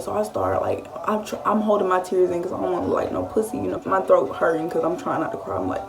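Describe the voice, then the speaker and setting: A woman in her late teens, telling a story-time vlog in a casual, animated style. She swears freely and often acts out what she was thinking. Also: fairly low pitch, quick pace, gravelly, few pauses, distant mic. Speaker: vlogger.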